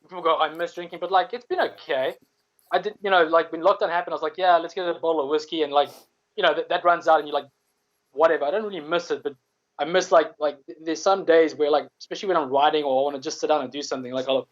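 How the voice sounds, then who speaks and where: A man with a South African accent talks in a loose, rambling way, circling back and restarting his sentences and swearing now and then. His voice sits a little high for a man. The audio is dull and lo-fi. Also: steady tone, fast. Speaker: comedian guest. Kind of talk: casual chat.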